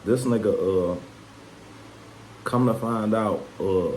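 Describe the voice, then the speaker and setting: Low-voiced man telling a rambling story. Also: takes it slowly, slight background noise, poor audio. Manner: rambling and profane, with constant "man" and "you know what I'm saying"; gets louder and more worked up when telling of the fight. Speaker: vlogger. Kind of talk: casual storytelling to camera.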